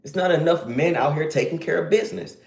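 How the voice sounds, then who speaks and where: A man's voice: on the high side, fast talker, vocal fry, echoey room. A man live streaming, giving a casual, slangy lecture in a preachy and emphatic way.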